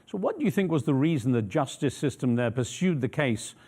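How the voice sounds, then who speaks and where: A male news interviewer who talks quickly and asks probing questions. His questions are measured, and his voice sits at an ordinary middle pitch. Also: big pitch swings, darkish tone, breathy edge.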